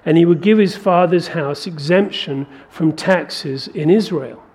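A high-voiced man preaches a little slowly, his delivery emphatic and climbing to forceful peaks as he hammers each point home.

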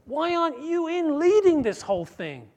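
A man's voice: very high-pitched, big pitch swings, moderate pace, a little mellow, voice pushed up, exaggerated voice. A man voicing a loving father earnestly imploring his grown son in a sermon. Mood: pleading.

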